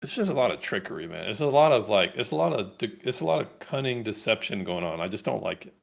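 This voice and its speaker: Male co-host, gravelly and lively, wry asides. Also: fairly low pitch, fast. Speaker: co-host reacting to a dating show clip. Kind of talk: casual chat.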